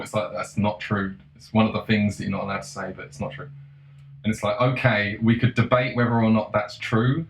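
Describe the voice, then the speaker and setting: A man in a casual monologue, profane and sarcastic, breaking into mocking shouts. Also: on the low side, quick pace. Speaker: solo commentator. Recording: roomy echo.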